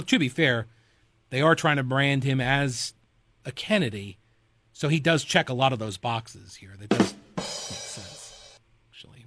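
A man's voice: fairly high pitch, a bit bright, dry recording. Sarcastic rambling talk radio man. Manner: loose, rambling and sarcastic, with fillers and chuckles. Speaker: radio talk show host. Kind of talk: casual political talk radio with host-read ad.

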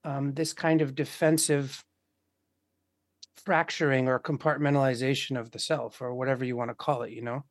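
A man's voice: medium pitch, flat delivery, normal speed, dry recording, studio quality. A man in casual conversation, talking with passion, swearing freely and acting out the voices of people he quotes. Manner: impassioned, swears often, acts out quoted voices.

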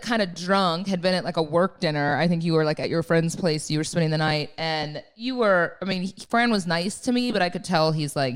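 Chatty woman, low voice. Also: a little fast, hardly any pauses, clean tone. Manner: animated storytelling with many fillers. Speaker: podcast co-host. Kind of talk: casual chat.

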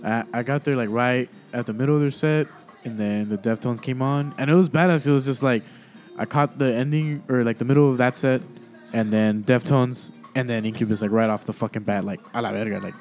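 A man hosting a casual, profane chat, relaxed and slangy, with bits of Spanish slang mixed in. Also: mid-range voice, a little fast, soft background music. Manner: laid-back, slangy, mixes in Spanish slang. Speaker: podcast host.

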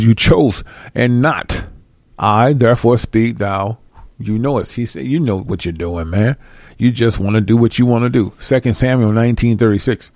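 A man's voice: medium pitch, expressive, a little mellow, no echo. Preaching man with a dry, close sound. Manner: reads verses slowly, then explains in quick, emphatic street talk. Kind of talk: sermon with scripture reading.

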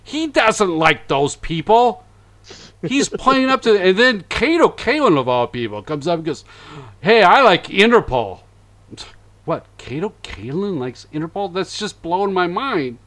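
With animated delivery, a man hosting a laid-back podcast runs back through events and puts on voices for the quotes. His voice sits high, and he keeps a moderate pace.

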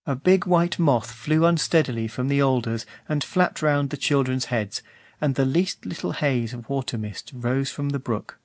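A man narrates an old story aloud in a steady, even way, his voice sitting in the middle of the range. The recording is dry and close, with no room sound. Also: mid-range voice, moderate pace, no echo. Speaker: audiobook narrator. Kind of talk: scripted narration.

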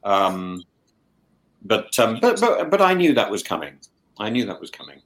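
A man's voice: fairly low pitch, moderate pace. Guy on a podcast, lots of um and stutters, voice jumps up and down, pretty opinionated. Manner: stammering restarts, animated opinions. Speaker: guest. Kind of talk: casual discussion.

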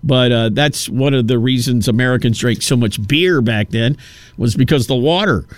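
A man's voice: mid-range voice, normal speed, dry recording. A man hosting a radio talk show, rambling through stories and acting out quotes in a casual monologue. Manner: rambling, storytelling with acted-out quotes.

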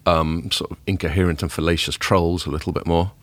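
A man hosting a podcast in casual chat, rambling and self-deprecating, a little hungover and rough-voiced. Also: deep voice, level tone, brisk, a bit bright, no room sound. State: hungover, voice a bit deeper than usual. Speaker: podcast host.

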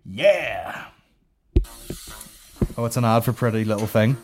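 A man's voice: on the low side, flat delivery, racing, over music. A man hosting a comedy podcast, rambling in profane, sarcastic banter. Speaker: podcast host.

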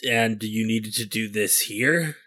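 A man's voice: on the low side, slow, sharp tone, dry recording, exaggerated voice. A man voicing Benicio, a nightling creature who talks back bluntly and flippantly.

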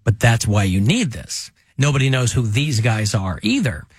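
A man hosting a radio talk show, chatting casually with rambling, animated asides. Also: medium pitch, normal speed, breathy edge, no room sound, studio quality. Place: radio studio.

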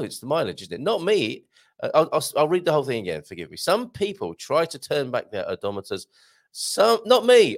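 Chatty man with gravelly voice. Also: mid-range voice. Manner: chatty, self-interrupting, laughs at his own jokes. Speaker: live show host. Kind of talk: casual live-stream chat reading viewer comments.

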